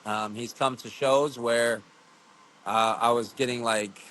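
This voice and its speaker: A man who wrestles, telling stories as a podcast guest in a rambling, profane, animated way. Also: mid-range voice, takes it slowly. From USA. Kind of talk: casual storytelling interview.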